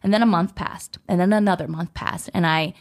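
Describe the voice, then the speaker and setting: A woman's voice: lowish voice, fairly quick, creaky. A young woman, an entertainment host, chatting casually as she tells a story about her career. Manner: chatty, animated, acts out quoted voices.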